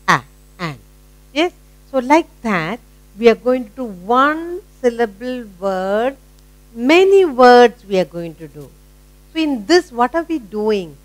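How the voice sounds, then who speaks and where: Woman with an Indian English accent, children's phonics teacher, unhurried and very dry close sound. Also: a little high, a bit bright, dry recording. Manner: asks questions and praises the listener; sounds out letters slowly.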